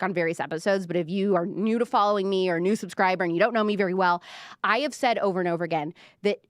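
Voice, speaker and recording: A woman's voice: medium pitch, no room sound, clean studio sound. A young woman hosting a casual pop-culture livestream, chatty and gossipy, full of "like" and reading viewer comments aloud. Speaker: livestream show host.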